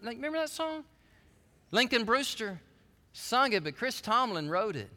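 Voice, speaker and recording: A man preaching a sermon as pastor in a church, moving between calm reading and impassioned, shouted passages. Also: very high-pitched, normal speed, in a large hall. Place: church sanctuary.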